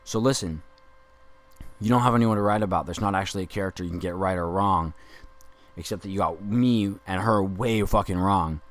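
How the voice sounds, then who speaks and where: Man voicing an angry rambling Dick Grayson, profane, indignant, comedic podcast monologue, deep low voice. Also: brisk, lightly acted.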